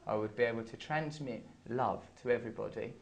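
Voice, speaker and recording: A man in his thirties with an English accent, a comedian guest in an interview, rambling through absurd deadpan jokes. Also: mid-range voice, a little fast, vocal fry, a little hiss or hum. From England. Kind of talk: playful interview banter.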